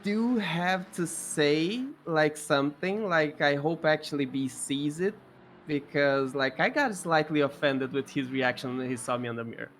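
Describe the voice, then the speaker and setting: A man with a Brazilian accent co-commentating a sim race, animated and teasing. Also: on the high side, a little hiss or hum. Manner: animated, teasing, quick to feign offense. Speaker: co-commentator and racer.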